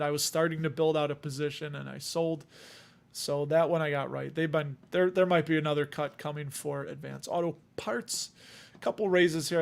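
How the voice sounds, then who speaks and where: Male livestream host, slightly higher voice, casual and self-mocking. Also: vocal fry. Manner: chatty, self-deprecating, reads out lists.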